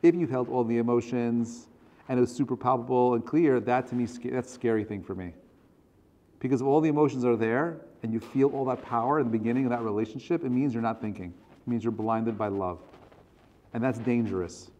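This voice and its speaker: A man's voice: medium pitch, a little fast, dark tone. A man, a rabbi, teaching a conversational class in an earnest, direct way. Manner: earnest and direct, acts out quoted dialogue.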